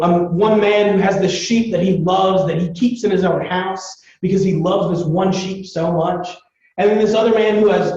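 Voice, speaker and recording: A young man giving a casual, chatty Bible lesson, retelling the story with lots of fillers and animated asides. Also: high voice. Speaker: Bible teacher. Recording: distant echoey lo-fi recording.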